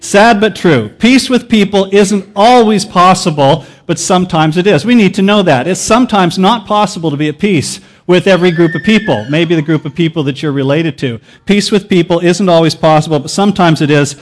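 A man's voice: fairly high pitch, a little fast, few pauses. A man preaching a sermon to a church, casual and joking in a teacherly way. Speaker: pastor. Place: church sanctuary.

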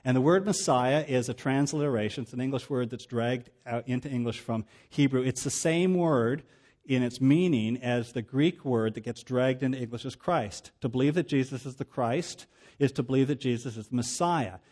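A man's voice: mid-range voice, moderate pace, a little mellow. A male pastor preaching a sermon in a plain, conversational teaching manner with casual asides.

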